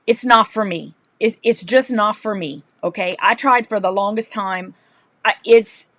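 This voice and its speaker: A woman hosting a live sewing stream, telling stories in a chatty, animated way and laughing often. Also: on the high side, dry recording. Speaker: livestream host, quilter. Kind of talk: casual live-stream chat.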